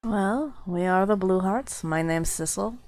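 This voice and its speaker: A woman's voice: mid-range voice, unhurried, a little mellow, no echo. A woman player at a tabletop game, speaking bluntly and wryly in casual table talk. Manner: blunt, wry, conversational.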